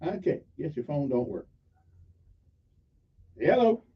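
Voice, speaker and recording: Folksy radio host, high voice. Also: male voice, very animated, slow pace, slightly rough. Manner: rambling, folksy storytelling. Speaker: radio talk show host. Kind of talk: call-in talk radio. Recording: dull lo-fi radio sound.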